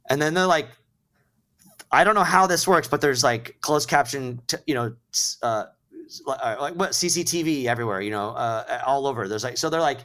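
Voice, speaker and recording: Animated swearing man telling a story. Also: medium pitch, fairly quick. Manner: swearing, animated retelling of dialogue. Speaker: guest musician. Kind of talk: casual storytelling.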